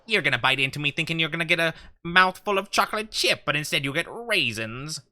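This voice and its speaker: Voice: medium pitch, animated, fast, bright, forceful tone. A streamer voicing a sneaky, smug talking cookie in a teasing tone.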